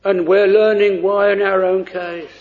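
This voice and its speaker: Slow, high-voiced preacher man, lo-fi. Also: level tone. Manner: slow, earnest, with frequent hesitations. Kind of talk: sermon. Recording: dull lo-fi recording.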